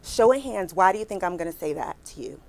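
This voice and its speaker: A woman in her forties giving a lively career talk to a live audience, chatty and animated, talking straight to the crowd and acting out her own reactions as she tells a story. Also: on the low side, quick pace, gravelly. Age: 40s.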